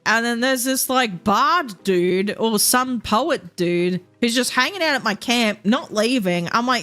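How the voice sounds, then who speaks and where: A young woman livestreaming a game, chatting casually and thinking out loud in a rambling, easygoing way. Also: a little high, expressive, measured pace, few pauses, soft background music. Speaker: streamer. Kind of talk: casual gameplay chat while livestreaming.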